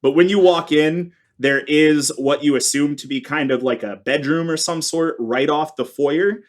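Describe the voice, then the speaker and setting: A man narrating a tabletop game as its game master. His voice sits a little high, and he tells the scene in a relaxed, easygoing way. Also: normal speed.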